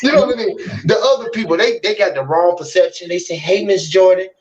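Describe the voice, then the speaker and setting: A man's voice: sits high, expressive, fast talker, lo-fi sound, a little hiss or hum. A man hosting a casual chat, rambling and swearing freely as he spins long metaphors about fish. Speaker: host of an online talk room.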